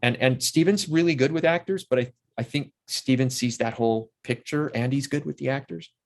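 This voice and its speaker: A man in his sixties, an interview guest who tells lively stories about a film shoot and acts out what people said on set. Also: mid-range voice, fairly quick. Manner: animated storyteller who acts out quotes from the set. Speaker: interview guest, actor and playwright. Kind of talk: casual interview chat.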